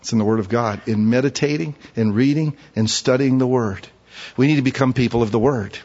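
A man preaching a sermon, telling folksy stories and switching between quiet asides and loud, emphatic points. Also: medium pitch, brisk, long reverb tail, muffled recording. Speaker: pastor.

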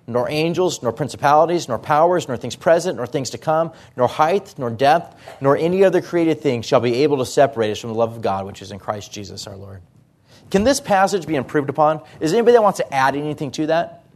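Preaching man, fairly high voice. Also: expressive, a little mellow. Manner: conversational, rhetorical questions with quick answers. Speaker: pastor. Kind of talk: sermon. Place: church.

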